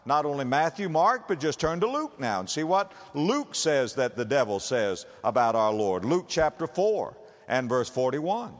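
A male pastor preaches with a lively, swooping delivery, climbing high on key words as he reads scripture. His voice rings out with the long reverb of a large church sanctuary. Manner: dramatic preaching, reads scripture aloud with rising emphasis. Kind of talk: sermon.

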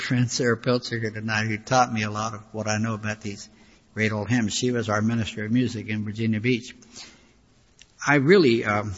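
A man's voice: medium pitch, husky. An older man preaching a sermon in a conversational, folksy way, with frequent asides. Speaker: pastor. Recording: hall reverb, dull lo-fi sound.

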